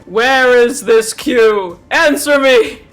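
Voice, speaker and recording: A man's voice: extremely high pitch, slow, fairly bright tone, soft background music. A man playing a tabletop game who keeps breaking into laughter. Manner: giggly, fits of laughter. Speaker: player. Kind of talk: tabletop play.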